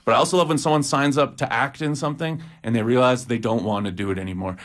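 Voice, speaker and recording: A man's voice: medium pitch, fairly even intonation, fast, a bit bright. A man who works at a campus TV station, guesting on a radio show and talking in an enthusiastic, chatty way, often tacking on "you know what I'm saying". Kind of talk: casual interview chat.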